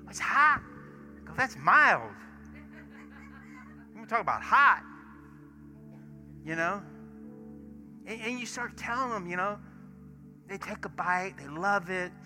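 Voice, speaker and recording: A man, a pastor preaching in church and acting out stories, swinging from hushed asides to loud bursts. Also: high voice, unhurried, long pauses. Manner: animated storyteller, acts out dialogue, swings from hushed to shouting. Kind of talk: sermon with storytelling. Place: church sanctuary. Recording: music playing behind sermon. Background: soft worship music.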